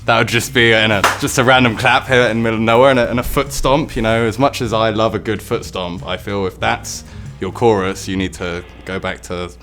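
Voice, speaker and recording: A man's voice: fairly low pitch, steady tone, a little fast, fairly bright tone, faint music behind. A man in a band giving blunt, opinionated answers in a casual interview.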